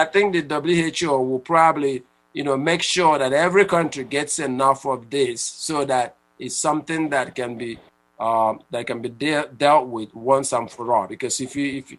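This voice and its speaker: A man hosting a call-in radio talk show, talking casually at a middle pitch. He sounds unscripted, backing up and repeating words as he works through a point before sending the show to a break. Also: a bit bright, rough recording. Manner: conversational, with restarts and repeated words.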